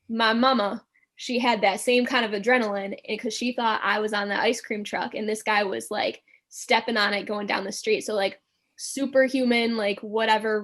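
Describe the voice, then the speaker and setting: A woman guest telling a personal story in a casual interview, animated and full of filler words. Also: fairly high pitch.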